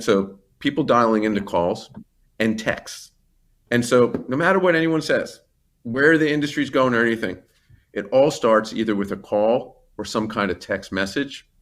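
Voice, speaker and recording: A man in a business interview, talking about his company in a rambling, enthusiastic way with many asides and restarts. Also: medium pitch. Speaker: company CEO, interview guest.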